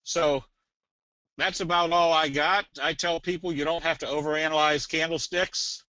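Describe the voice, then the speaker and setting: Bright-voiced folksy man presenting a webinar. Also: fairly high pitch, fairly even intonation, normal speed, dry recording, dull audio. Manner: folksy, rambling, tells jokes. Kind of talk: casual webinar teaching with a sales pitch.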